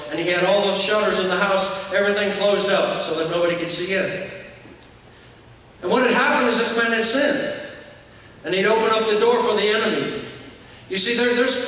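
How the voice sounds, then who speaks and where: A church elder preaching a sermon, telling a story and acting out shouted lines. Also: male voice, sits high, slight background noise. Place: church sanctuary. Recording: echoey hall from far off.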